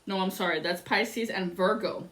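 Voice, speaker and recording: A woman doing a casual tarot reading, telling a story in a rambling, excitable way and swearing often. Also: mid-range voice, moderate pace. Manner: rambling and profane. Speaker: tarot reader.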